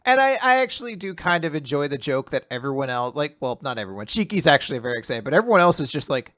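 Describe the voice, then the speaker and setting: A man's voice: a little high, big pitch swings, quick pace, hardly any pauses, a bit bright, no echo, clean studio sound. A man co-hosting a casual podcast, animatedly retelling comic chapters and acting out the characters' lines with frequent laughs. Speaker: podcast co-host recapping manga. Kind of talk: casual chat.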